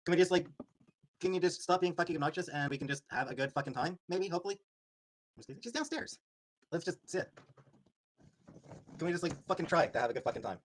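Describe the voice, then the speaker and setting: A man's voice: a little high, quick pace, long pauses, slight background noise. A man livestreaming, irritated and swearing as he snaps at his chat. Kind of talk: livestream rant.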